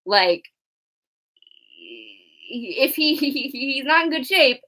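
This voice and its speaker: A woman's voice: high voice, lively intonation, takes it slowly, bright, forceful tone. A young woman co-hosting a live show discussion, chatty and giggly, reading out viewer comments. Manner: chatty, giggly, filler-heavy. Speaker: co-host.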